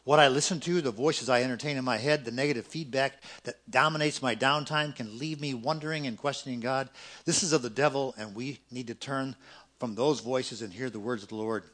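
A middle-aged pastor preaching a sermon, swinging between loud emphatic peaks and quiet, quick asides. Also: male voice, mid-range voice.

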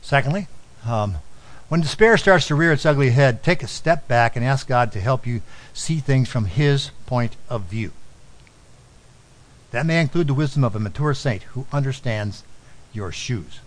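A middle-aged man preaching a sermon, telling a personal story and dropping to a soft, low voice on key lines. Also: lively intonation, moderate pace, rough recording. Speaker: pastor.

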